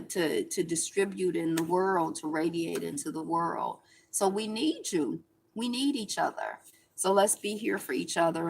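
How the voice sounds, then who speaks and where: Chatty woman commenting on headlines. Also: on the low side. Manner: chatty, sarcastic asides, reads headlines. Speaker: show host. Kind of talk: casual news commentary.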